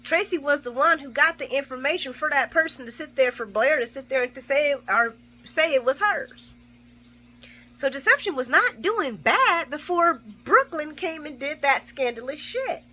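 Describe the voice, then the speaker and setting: Bright-voiced woman recapping a soap. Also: sits high, moderate pace. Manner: animated, swears freely, acts out characters' lines. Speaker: soap opera recap vlogger. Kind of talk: casual spoken recap.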